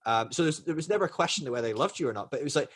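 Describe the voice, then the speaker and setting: A man from the UK hosting a casual podcast chat with family, telling stories in an animated, laughing way. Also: on the high side, racing. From United Kingdom. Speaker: podcast host.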